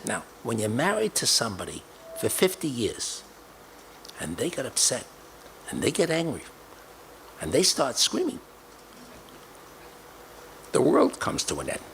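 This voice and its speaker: A man's voice: mid-range voice, wildly swooping pitch, a little slow, vocal fry, pauses often, fairly bright tone, a little hiss or hum. An older man telling a personal story emphatically, acting out the dialogue he quotes.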